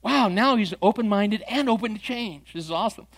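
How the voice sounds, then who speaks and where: A man, a pastor, teaching evangelism by telling a story and acting out the dialogue with lively energy. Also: high voice, a little fast. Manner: animated storyteller who acts out dialogue. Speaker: pastor training church members in evangelism.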